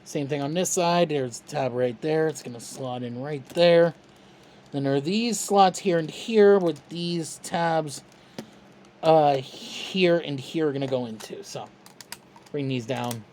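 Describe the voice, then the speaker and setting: A toy reviewer talking through a step-by-step tutorial in a relaxed, chatty, self-deprecating way. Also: mid-range voice, measured pace, slight background noise.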